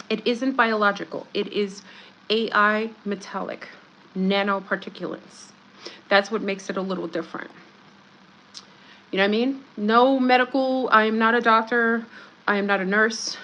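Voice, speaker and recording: A woman at a medium pitch hosts a casual livestream, talking straight to her viewers. She rambles and jokes in a conspiratorial tone and greets people by name. A faint hiss of noise sits under her voice. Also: fairly bright tone, rough recording. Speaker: livestream host.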